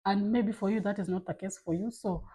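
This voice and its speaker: A woman's voice: mid-range voice, fairly even intonation, brisk, dark tone, husky, low-quality recording. A woman vlogging to camera in a casual, candid way, giving emphatic advice from her own life. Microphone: camera mic.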